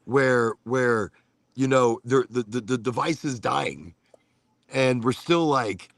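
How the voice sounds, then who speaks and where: An American man hosting a casual chat show, rambling and animated, cursing offhandedly as he talks. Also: medium pitch, slow, creaky, no echo. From United States. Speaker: podcast host.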